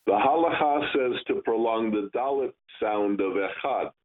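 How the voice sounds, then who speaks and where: A man teaching Kabbalah, giving a slow, stern lesson on pronouncing Hebrew letters and stretching words to demonstrate. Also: lowish voice. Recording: tinny phone-like sound.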